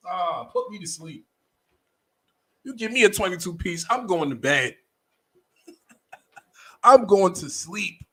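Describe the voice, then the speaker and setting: A man hosting a livestream, ranting bluntly about a news story with profanity and repeated phrases, swinging between low muttering and loud outbursts. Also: poor audio. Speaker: livestream host. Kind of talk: opinionated commentary on a news story.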